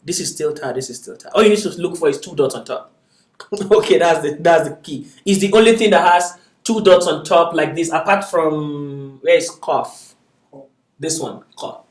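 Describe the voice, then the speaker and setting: A man who teaches Arabic gives a classroom lecture with patience, frequently asking "is that okay?" His voice is a little high and moves at a moderate pace, and the classroom echoes around him.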